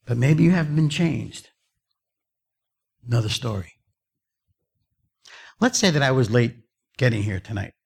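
A man's voice: lively intonation, a little slow, vocal fry, pauses often, darkish tone, slightly rough. Emphatic male preacher. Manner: emphatic, repetitive, dramatic shifts of pitch. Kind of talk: evangelistic sermon with storytelling.

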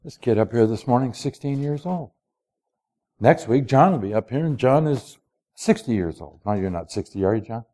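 A man's voice: mid-range voice, animated, moderate pace, warm tone. A man in his late sixties preaching a folksy, storytelling sermon, asking the congregation direct questions. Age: 60s. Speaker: pastor.

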